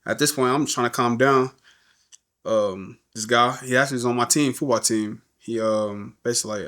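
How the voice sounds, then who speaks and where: A man's voice: mid-range voice, normal speed. A middle-aged man, a podcast guest, telling a story in casual talk and acting out the voices of the people he quotes. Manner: animated, acts out quoted voices.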